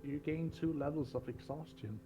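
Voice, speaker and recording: A man narrating a tabletop role-playing game as game master, describing scenes slowly with fillers. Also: fairly high pitch, mellow, faint music behind.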